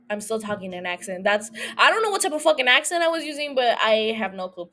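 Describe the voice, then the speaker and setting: High-pitched young woman podcasting alone, swearing and giggling, all over the place. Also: big pitch swings, fast, hardly any pauses, pushed and bright, a little hiss or hum. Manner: profane, giggly, scattered. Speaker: solo podcast host. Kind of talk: casual rambling rant.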